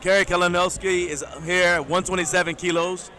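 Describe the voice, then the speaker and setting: A man commentating live at a powerlifting competition, relaxed and explanatory, giving play-by-play and lifting tips. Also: high voice, moderate pace, soft background music. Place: hotel event hall at a powerlifting meet.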